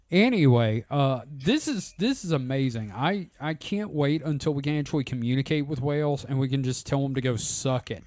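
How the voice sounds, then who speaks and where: A man's voice: medium pitch, no echo, clean studio sound. A man co-hosting a podcast in casual chat, joking and then half apologizing. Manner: joking, lively, quick to apologize. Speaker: podcast co-host.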